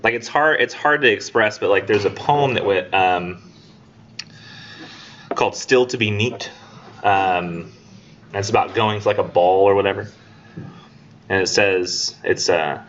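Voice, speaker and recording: A man's voice: on the low side, unhurried, long pauses, a bit bright. A man lecturing his college English class in a loose, joking, rambling way, slipping into voices for his students. The sound is dull and lo-fi, with a faint hum of the room behind him.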